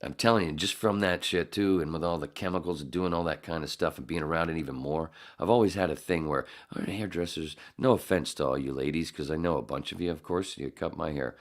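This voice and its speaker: A man's voice: extremely low pitch, fast talker, few pauses. A man hosting a podcast, telling a rambling, profane story in casual chat. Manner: profane, rambling, animated when acting out the story. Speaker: podcast host.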